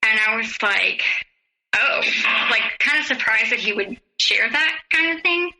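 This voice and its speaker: Woman with a very bright voice. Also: a little high, animated, poor audio. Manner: halting, recounting conversations in detail. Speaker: podcast guest. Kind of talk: personal storytelling in an interview.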